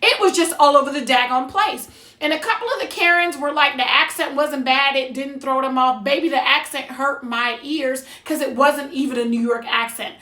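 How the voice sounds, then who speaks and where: Woman, from New Jersey, high voice, sassy and blunt, casual movie review, echoey room. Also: moderate pace, bright, forceful tone.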